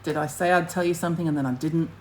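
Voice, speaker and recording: A woman's voice: sits low, steady tone, rapid-fire, a little mellow, slight background noise, rough recording. A middle-aged woman, hosting a casual skincare livestream and chatting to viewers in a blunt, rambling way, with the odd casual swear.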